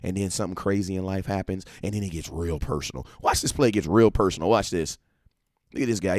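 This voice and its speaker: A man hosting a casual live-stream about football, animated and slangy, repeating himself and breaking into excited shouts. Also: medium pitch, fast talker, no room sound, clean studio sound. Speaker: live-stream sports talk host.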